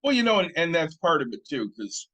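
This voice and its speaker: A man's voice: fairly high pitch, sing-song, a little fast, bright, forceful tone, poor audio. Frank, reflective man on a podcast. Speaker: podcast co-host. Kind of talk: casual podcast chat.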